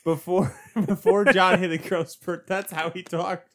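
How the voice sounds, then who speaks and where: A man chatting with friends, teasing them with quick comebacks. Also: sits high, steady tone, a bit bright. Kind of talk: casual chat among friends.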